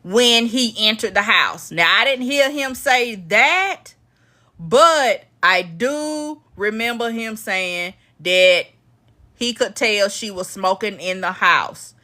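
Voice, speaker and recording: A woman hosting a casual live-stream recap, chatty and animated as she talks to her viewers. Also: medium pitch, slow.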